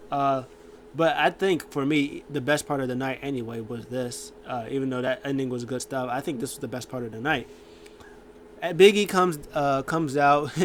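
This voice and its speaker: A man's voice: mid-range voice, a little hiss or hum. A man hosting a casual show, rambling through a recap with lots of fillers and acted-out quotes. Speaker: show host.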